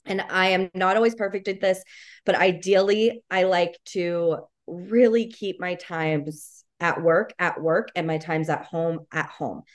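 A woman speaking as a guest on a podcast, casual and encouraging in tone. She often says "like" and "you know." Her voice sits a little low for a woman. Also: fairly even intonation, unhurried.

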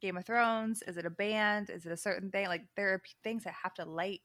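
A woman's voice: medium pitch, brisk, no room sound, studio quality. A woman co-hosting a podcast, telling a story in casual chat, acting out what people said and laughing often. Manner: animated, acts out quotes, laughs often. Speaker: podcast co-host.

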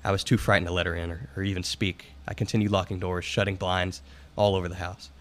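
A man with a low voice reads a ghost story aloud to friends on a podcast. His delivery is dramatic, with some stumbles over words. The tone is plain and unhurried. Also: level tone, fairly bright tone. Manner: dramatic reading with occasional stumbles. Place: room with friends, candle lit.

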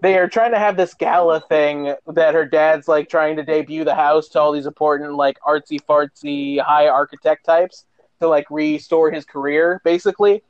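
A man with a fairly high voice tells a movie plot with a lot of swearing and lively energy, jumping into the characters' lines. The recording is dull and lo-fi. The room sounds completely dry. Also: normal speed, dry recording. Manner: profane, animated storyteller, acts out quotes. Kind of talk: casual movie recap.

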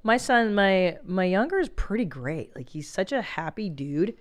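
A woman's voice: mid-range voice, animated, moderate pace. A woman in her forties hosting a podcast, joking brashly and swearing freely as she tells stories. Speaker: podcast host. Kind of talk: casual podcast chat.

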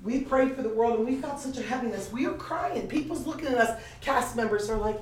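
An older woman preaching a sermon, telling lively stories with laughter in a preaching cadence. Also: a little high, fairly quick, slight background noise. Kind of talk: sermon with storytelling. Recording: echoey room picked up from a distance.

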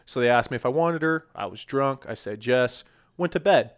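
A man's voice: medium pitch, expressive, normal speed, clean tone, lo-fi sound. A man in his twenties on a podcast, telling stories in a laid-back, rambling way and swearing freely. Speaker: podcast co-host. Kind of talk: casual chat.

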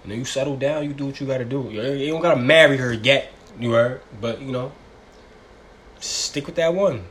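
A man's voice: medium pitch, normal speed, fairly bright tone, slight background noise. A young man hosting a casual solo podcast, talking in a profane, rambling, slang-heavy way. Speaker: podcast host.

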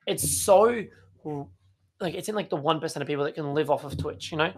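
A man's voice: on the high side, brisk, gravelly, breathy edge. Rambling young streamer guy. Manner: rambling, hesitant, many fillers and swearing. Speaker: streamer guest. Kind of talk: casual chat.

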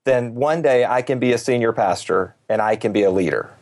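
A man's voice: medium pitch, fairly quick, darkish tone. Earnest man, executive pastor guest. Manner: earnest, candid storytelling. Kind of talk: interview conversation. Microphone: video call.

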